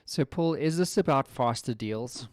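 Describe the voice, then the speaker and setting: A man's voice: mid-range voice, a little slow, no echo, studio quality. A man hosting a casual podcast interview, chatty and slangy, laughing often. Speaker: podcast host.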